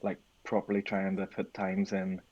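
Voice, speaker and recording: A man co-hosting a laid-back podcast throws questions to his partner and chimes in with quick agreement. His voice is very deep, with a husky, slightly rough edge. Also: monotone, a little mellow, dull audio. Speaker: podcast co-host. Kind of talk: casual chat.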